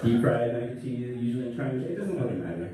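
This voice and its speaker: A man's voice: mid-range voice, fast talker. Young man doing crude stand-up. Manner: crude, rambling, deadpan asides. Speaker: stand-up comedian, contestant. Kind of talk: stand-up comedy. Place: comedy club stage. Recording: echoey room, distant mic, noisy.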